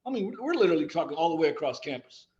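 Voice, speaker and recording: A man being interviewed on a podcast, telling lively anecdotes and quoting the people in them. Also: fairly high pitch, very fast, echoey room, lo-fi sound. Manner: animated anecdotes, quoting others. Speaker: guest, athletic director and former coach. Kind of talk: storytelling in a casual podcast interview.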